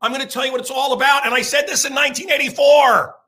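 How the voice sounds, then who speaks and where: A man in his sixties, a radio host, ranting loudly and emphatically, rambling and repeating himself, with crude jokes and bursts of shouting. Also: very high voice, fairly even intonation, fast. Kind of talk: ranting talk-show monologue.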